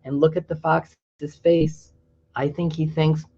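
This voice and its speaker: A reader working slowly through a rhyming picture book, stopping often to chat about what the pictures show. The voice is mid-pitched and the recording sounds dull and lo-fi. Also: steady tone, dark tone, slightly rough. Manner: pauses to explain pictures in a chatty aside. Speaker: storybook reader. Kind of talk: reading a picture book aloud.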